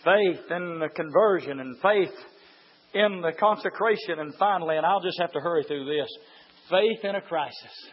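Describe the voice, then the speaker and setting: A man preaching a fiery sermon, moving from quiet storytelling to high shouted exhortation. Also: moderate pace, husky. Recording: dull lo-fi church recording.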